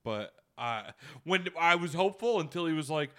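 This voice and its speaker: A man's voice: fairly high pitch, lively intonation, a bit bright, smooth. A young man co-hosting a podcast, chatting casually with lots of swearing and rambling restarts. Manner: rambling, profane, quick to mimic others. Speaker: podcast co-host. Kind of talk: casual profane banter.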